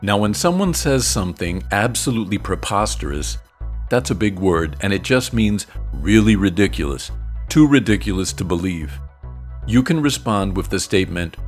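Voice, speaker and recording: An American man teaching English expressions in a clear, explanatory lesson narration with joking asides. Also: lowish voice.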